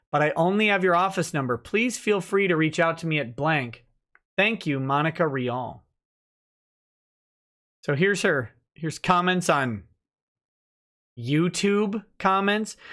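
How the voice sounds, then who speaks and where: A man's voice: on the high side, a bit bright. A man hosting a laid-back legal livestream, speaking in a casual, conversational way. He reads filings and comments aloud and breaks in with sardonic, mocking remarks.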